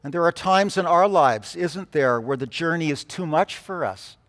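A man preaching a sermon, telling stories and moving between hushed and emphatic delivery. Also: fairly high pitch, animated, moderate pace, big-room sound. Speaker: pastor.

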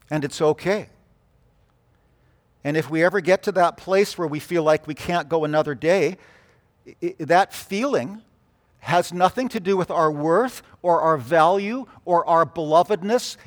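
A man preaching a sermon, telling stories and moving between hushed and emphatic delivery. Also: fairly high pitch, long reverb tail. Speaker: pastor.

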